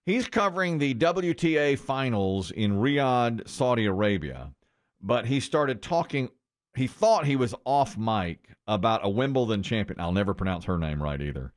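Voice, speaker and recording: A middle-aged male radio host in casual banter, with a mid-pitched voice that swings widely as he tells stories. He acts out the quoted lines with big leaps in his voice. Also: very animated, normal speed.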